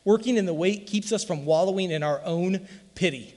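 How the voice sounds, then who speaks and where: Emphatic high-voiced male preacher. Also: brisk, a little mellow, long reverb tail. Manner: emphatic and folksy, with rhetorical questions. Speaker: pastor. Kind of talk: sermon.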